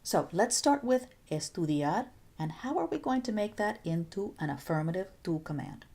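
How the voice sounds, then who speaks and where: Patient woman teaching, mellow and low. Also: animated, moderate pace. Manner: clear, patient explaining with playful asides. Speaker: Spanish teacher. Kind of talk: recorded video lesson.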